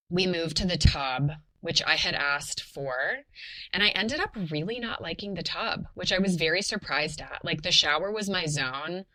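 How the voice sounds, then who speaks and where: A young adult woman in a casual podcast interview, telling a personal story in a chatty, animated way with lots of fillers. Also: sits low, rough recording. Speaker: podcast guest telling her birth story.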